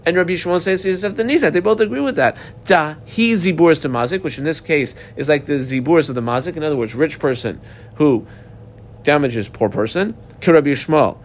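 A man's voice: a little high, animated, a little fast, slight background noise. A man teaching a Talmud class, reading Aramaic lines aloud and then explaining them in plain English.

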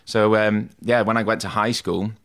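A young man, a tattoo artist, recounting school memories in a casual, animated interview. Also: on the low side, normal speed. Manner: chatty, animated retelling with quoted voices.

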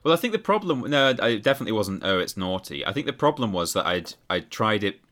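Bright-voiced candid man telling stories. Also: medium pitch, very animated, quick pace. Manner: candid, laughing storyteller. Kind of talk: casual chat.

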